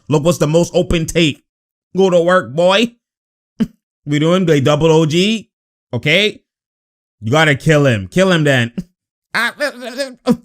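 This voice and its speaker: A young man giving loose reaction commentary over game footage, with a voice pitched a little high for a man. He laughs constantly and calls out to the players as if they could hear him. He keeps it excitable and casual, breaking down plays as they happen. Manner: excitable, laughs often, talks to players on screen.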